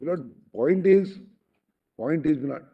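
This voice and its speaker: Indian guy lawyering in court, kinda high voice, dull lo-fi sound, keeps saying the formal address. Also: lively intonation, measured pace, slightly rough. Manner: formal and deferential, keeps addressing the judges, emphatic. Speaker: lawyer arguing before a bench.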